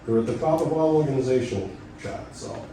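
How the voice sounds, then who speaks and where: A middle-aged man speaking insistently and argumentatively at a public meeting, his voice going hoarse. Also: medium pitch, fairly quick, mellow, a little hiss or hum. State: losing his voice. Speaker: resident speaking at public comment. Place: town meeting room. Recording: echoey room from far off.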